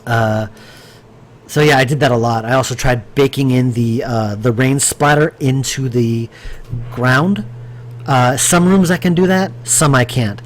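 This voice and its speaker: A man with a mid-range voice speaks a little slowly while live-streaming his game development work. His commentary is casual and rambling, thinking aloud with fillers and restarts as he answers viewer chat.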